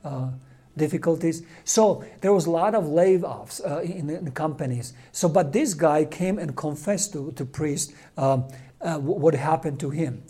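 A man, a Catholic priest, telling a story in a sermon, halting and repeating words, with non-native English grammar. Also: a little high, warm tone, breathy edge.

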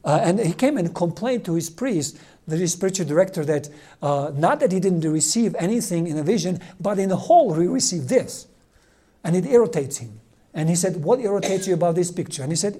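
A man with preaching a sermon, telling a story with dramatic swings between loud emphasis and hushed near-whispers. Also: high-pitched, animated, normal speed.

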